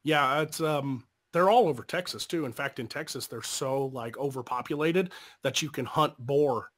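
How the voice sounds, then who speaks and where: A young man, chatting loosely on a stream, rambling and swearing, quick to laugh. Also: medium pitch, fairly bright tone. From Arkansas. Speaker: podcast co-host. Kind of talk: casual chat on a live stream.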